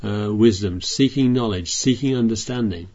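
A man's voice: lowish voice, moderate pace, darkish tone, highs cut off. A man preaching a sermon, reading scripture aloud and explaining it in a chatty way with frequent restarts.

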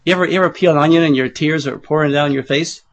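A middle-aged male pastor preaches a sermon as his voice gives out, frequently clearing his throat and making chatty asides to the congregation. His voice is a little high and fast, and the audio quality is poor.

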